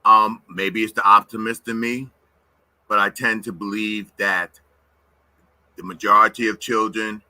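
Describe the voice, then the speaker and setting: A man in his sixties speaking in a measured, thoughtful way with pauses and fillers, replying on a podcast. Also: lowish voice, flat delivery, pushed and bright, no echo, rough recording. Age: 60s. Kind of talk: casual podcast discussion.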